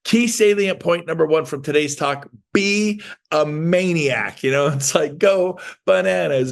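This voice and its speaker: A middle-aged man giving an energetic motivational talk to real estate agents, emphatic and animated, with bursts of shouting. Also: on the high side, unhurried, vocal fry.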